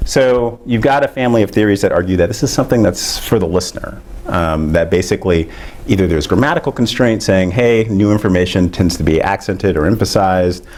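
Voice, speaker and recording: A middle-aged man giving an academic lecture, explaining ideas in a measured way with frequent fillers. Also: deep voice, darkish tone.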